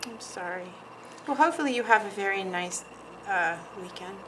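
A woman's voice: medium pitch, animated, normal speed, background noise. A woman hosting a nail art tutorial, chatting casually and giggling as she paints, often trailing off mid-sentence while she concentrates. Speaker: nail artist, channel host.

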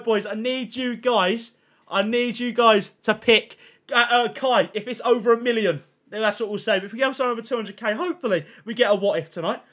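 A man's voice: very high voice, a bit bright. A young man hosting a live gaming stream, chatting in a hyped, slangy way and reading out chat messages. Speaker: livestream host.

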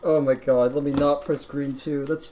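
A woman's voice: rumbling low, little pitch movement, normal speed, mellow, a little hiss or hum. A woman gamer who swears constantly, tearful and laughing with joy as she talks about her result. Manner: heavy swearing, breathless and laughing through tears. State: crying with joy. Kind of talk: excited casual vlog.

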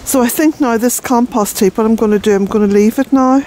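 A woman's voice: a little high, brisk, mellow, poor audio. An older woman from Ireland, a vlogger chatting outdoors in her garden, out of breath and rambling with fillers. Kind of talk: casual walk-and-talk narration.

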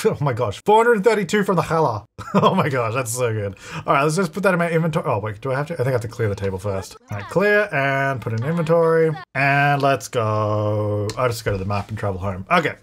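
A man giving casual, chatty gameplay commentary, excitable and talking back to the characters on screen. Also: fairly high pitch, fairly quick. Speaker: gaming channel host.

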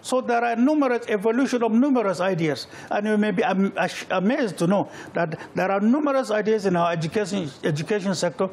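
A man's voice: high-pitched, brisk, few pauses, darkish tone, breathy edge. A middle-aged Nigerian man answering interview questions, emphatic and repeating phrases for weight. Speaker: political candidate, guest.

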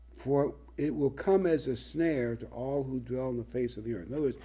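A man preaching a sermon, reading Bible verses and driving points home with emphatic, lively delivery. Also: mid-range voice, husky.

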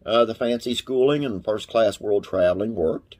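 A man's voice: fairly low pitch, animated, normal speed, a little mellow. A man hosting a classic TV trivia channel, reading facts aloud and wandering into folksy, rambling asides with religious sign-offs.

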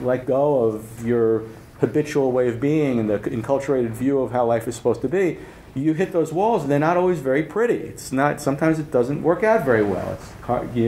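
A man's voice: mid-range voice, lively intonation, brisk, mellow, a little hiss or hum. A man giving a live workshop talk, telling anecdotes in a conversational, joking way and checking in with his audience. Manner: anecdotal, joking, chuckles at own stories. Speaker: workshop speaker. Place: workshop room at an event. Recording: roomy event hall with faint ambience.

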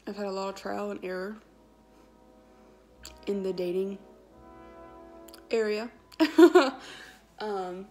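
A woman's voice: medium pitch, little pitch movement, slow pace, long pauses, a little mellow, faint music behind. A woman, telling a personal story in a casual, chatty vlog with lots of quoted dialogue. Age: 20s. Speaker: vlogger.

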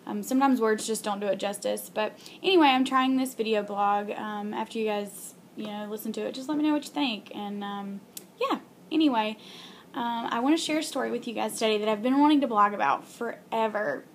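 A young woman in a casual vlog telling a heartfelt faith story, earnest and halting with many ums and restarts. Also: fairly high pitch, slight background noise. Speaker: video blogger.

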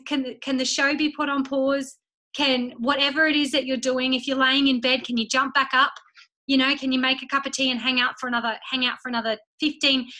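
A woman's voice: high-pitched, sharp tone, poor audio. A young woman giving a chatty motivational talk to her team, acting out little inner voices and phone calls. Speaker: team leader speaking to her business team.

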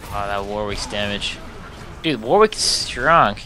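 A man in casual gaming chat with a friend, excitable and teasing, slipping into goofy voices. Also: fairly low pitch, unhurried, slight background noise. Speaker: gamer, friend of the host.

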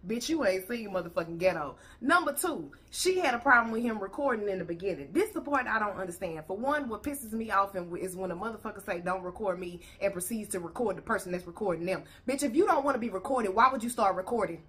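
A woman's voice: mid-range voice, lively intonation, quick pace, few pauses, a bit bright. A woman host ranting bluntly and profanely as she reacts to a video.

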